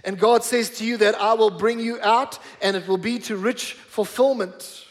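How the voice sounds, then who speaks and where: A middle-aged man preaching a sermon in church, emphatic, repeating words for stress and slowing down on key phrases. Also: high voice, steady tone. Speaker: pastor.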